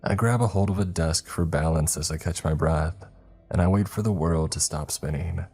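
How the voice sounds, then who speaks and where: A man narrating a first-person horror story in a slow, measured way. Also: sits low, a little mellow, husky. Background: faint music.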